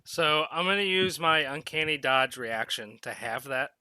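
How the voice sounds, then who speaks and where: Very bright, lively man at the game table. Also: on the high side, normal speed. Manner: laughs while describing his moves. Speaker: player.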